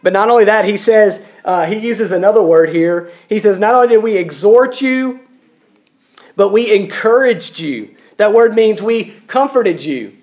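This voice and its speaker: A male preacher with a notably high voice delivers a sermon. He speaks earnestly and often pleads with his listeners, repeating words as he starts each thought. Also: expressive, moderate pace, a little mellow.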